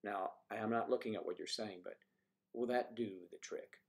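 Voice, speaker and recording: A man's voice: fairly low pitch, normal speed, gravelly. A man hosting a casual livestream, musing aloud and joking as he reads out viewer comments. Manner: rambling, joking. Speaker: livestream host.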